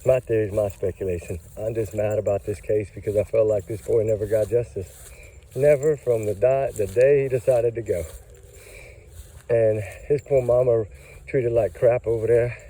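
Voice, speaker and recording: A man's voice: lowish voice, steady tone, moderate pace, warm tone, rough recording. Fired-up man ranting, out of breath. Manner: heated, ranting, emphatic. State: out of breath, tired. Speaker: true crime commentator. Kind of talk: angry casual commentary.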